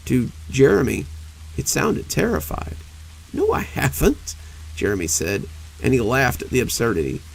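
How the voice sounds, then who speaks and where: An older man narrating cozy horror stories in a slow, intimate way. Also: mid-range voice, huge pitch swings, gravelly, rough recording. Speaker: horror storyteller.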